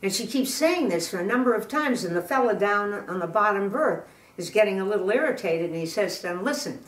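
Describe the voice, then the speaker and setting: An older woman telling jokes in a chatty, halting way, laughing at her own punchlines. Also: medium pitch, lively intonation. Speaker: guest storyteller. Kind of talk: telling jokes in casual chat. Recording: roomy sound from a distant mic.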